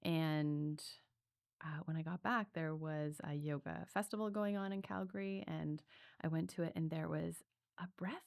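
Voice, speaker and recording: Low, gravelly-voiced woman speaking earnestly. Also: fairly even intonation, moderate pace, a little mellow, no echo, studio quality. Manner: earnest, reflective, many spoken fillers. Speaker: breathwork coach. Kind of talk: telling her story in a podcast interview.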